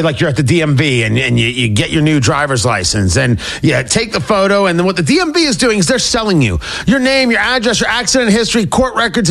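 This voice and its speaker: A man's voice: high-pitched, fairly bright tone. A man hosting his own show, reading a sponsor ad with emphatic repetition. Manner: emphatic, repeats points for stress. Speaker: radio show host. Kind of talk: host-read sponsor ad.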